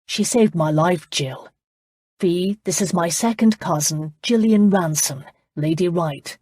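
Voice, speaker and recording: A woman's voice: lowish voice, slow, darkish tone, husky, dry recording. A woman narrator voicing an easygoing aristocratic man, a duke, who banters in a dry, teasing way.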